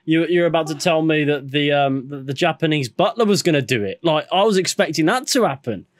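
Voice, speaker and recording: Young male podcast co-host, incredulous and swearing, lively voice with a wide pitch range. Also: a little fast, no echo. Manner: incredulous, swearing, stumbling restarts. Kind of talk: casual podcast chat.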